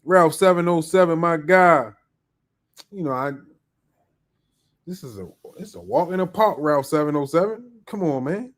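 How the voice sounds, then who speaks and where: Man, podcast host, slightly high voice, casual live chat, upbeat, slangy, greets people by name. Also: moderate pace, pauses often.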